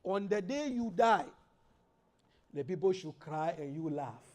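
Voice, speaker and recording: A man's voice: high-pitched, lively intonation, a little slow, a little mellow. A man giving a sermon in a mosque, preaching with rising emphasis and reciting Arabic verses. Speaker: imam.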